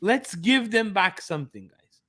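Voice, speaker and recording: A man co-hosting a football podcast in casual chat. He rants and mocks with lively swings in pitch. His voice sits somewhat high. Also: measured pace, husky. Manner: animated, ranting and sarcastic. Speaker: podcast co-host.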